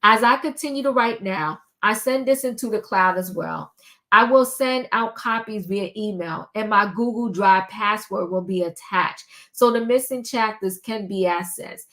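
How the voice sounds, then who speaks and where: In a casual vlog, an older woman with a mid-range, slightly bright voice reads a long text aloud and talks through it. She is a commentary vlogger whose delivery is halting, full of ums and lines she starts over.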